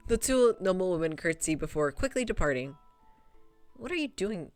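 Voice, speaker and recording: A young woman streaming a visual novel, breaking into laughs and blunt swearing as she reacts. Her voice is dry and close on a desk mic, with faint game music softly underneath. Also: lowish voice, very animated, normal speed, dry recording. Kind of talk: casual live-stream commentary while reading a visual novel.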